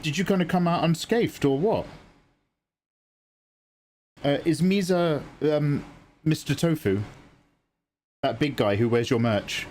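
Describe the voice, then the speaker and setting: A man's voice: fairly high pitch, slow pace, pauses often, darkish tone. A British man chatting casually with viewers on a live art stream, telling stories in a rambling, chatty way with casual swearing.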